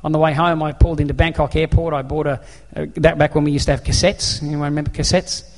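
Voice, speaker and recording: Preaching with an Australian accent, a man shares a personal story in an earnest, chatty way, voicing the characters' dialogue himself. His voice is a little high, with little pitch movement and a quick pace, echoing through the long reverb of a large hall.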